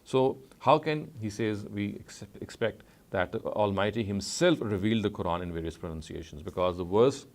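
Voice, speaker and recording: Measured, low-voiced male lecturer. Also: a little mellow. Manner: measured, frequent "uh" pauses and self-corrections. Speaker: Islamic studies lecturer. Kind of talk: scholarly lecture.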